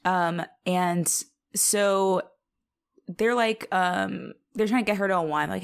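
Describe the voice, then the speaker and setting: A woman's voice: fairly low pitch, lively intonation, moderate pace, gravelly. A woman co-hosting a casual podcast, recapping a TV episode and swearing freely as she acts out the characters' lines. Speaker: podcast co-host. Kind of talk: casual rewatch podcast chat.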